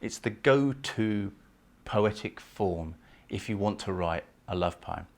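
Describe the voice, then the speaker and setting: Emphatic lecturing man with a low voice. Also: slow, vocal fry. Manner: lively, emphatic, stresses words by rising in pitch and volume; reads verse aloud, chanting the meter. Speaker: literature lecturer. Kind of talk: recorded poetry lecture.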